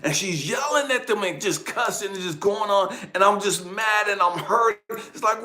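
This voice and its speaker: A man giving an emotional personal testimony, dropping to hushed whispers and then breaking into shouted outbursts as he talks straight to the viewer. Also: high-pitched, normal speed, hardly any pauses. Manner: addresses the viewer directly, urging them to stay with him. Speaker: spiritual channel host.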